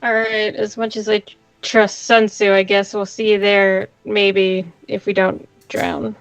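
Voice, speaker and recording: A woman's voice: medium pitch, flat delivery, a little slow, no room sound, dull audio, soft background music. A woman player speaking in character with a wry, sarcastic manner. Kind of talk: in-character play.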